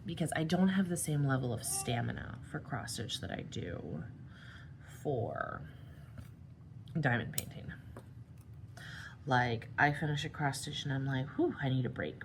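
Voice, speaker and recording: A young adult woman chatting casually while she crafts, tired and rambling, with yawns and soft asides. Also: extremely low pitch, big pitch swings, unhurried, pauses often, background noise. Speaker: crafting vlogger.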